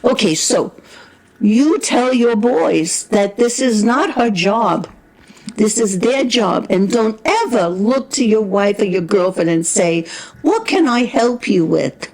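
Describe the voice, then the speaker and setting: A woman with a New York accent, a returning guest on a talk show, scolding her husband forcefully and then gushing. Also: medium pitch, lively intonation, takes it slowly, low-quality recording. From Brooklyn, New York. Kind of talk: heated on-air couple argument.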